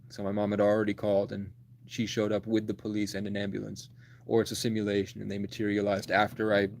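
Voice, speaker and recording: A man's voice: lowish voice, a little mellow, a little hiss or hum. A man in his twenties telling a long personal story in a rambling, blunt, profane way on a livestream. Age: 20s.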